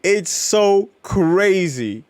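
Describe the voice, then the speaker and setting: A man reacting excitedly to comics on a live stream, exclaiming and swearing often in slangy talk. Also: high voice, drawn-out words, no echo.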